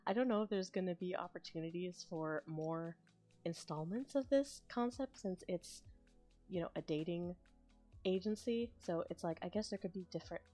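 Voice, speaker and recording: A woman chatting casually on a stream as an ASMR creator, thinking aloud and rambling. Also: lowish voice. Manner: rambling, thinks aloud with restarts and soft laughs. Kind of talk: casual live-stream chat.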